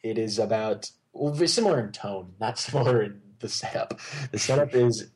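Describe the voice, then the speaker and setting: A man's voice: fairly low pitch, brisk, a little mellow, husky. A man co-hosting a casual movie chat, rambling and enthusiastic, full of fillers and restarts. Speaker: podcast co-host.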